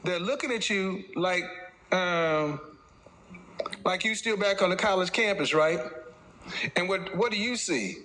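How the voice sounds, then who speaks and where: A man's voice: high-pitched, pushed and bright, a little hiss or hum. A man giving a casual opinion monologue as a dating commentator, speaking mockingly and addressing his audience directly. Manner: mocking, lecturing, slips into quick impressions.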